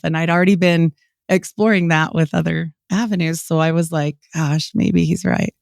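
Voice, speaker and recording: A woman in her forties from Utah, a podcast guest telling her story in a lively way, acting out what people said and laughing often. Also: fairly low pitch, normal speed, creaky, no room sound, clean studio sound. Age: 40s. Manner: animated, quotes people in lively voices, many "like" fillers. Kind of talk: storytelling interview.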